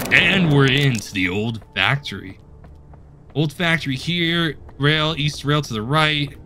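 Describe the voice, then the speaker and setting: A man's voice: fairly high pitch, unhurried, background noise. A man giving chatty, joking commentary while playing a video game, talking to himself. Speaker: let's play host. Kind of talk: gameplay commentary.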